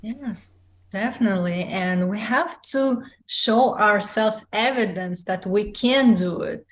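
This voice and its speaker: A woman hosting a podcast interview, speaking in a calm, reflective and encouraging way. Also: mid-range voice, takes it slowly. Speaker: podcast host.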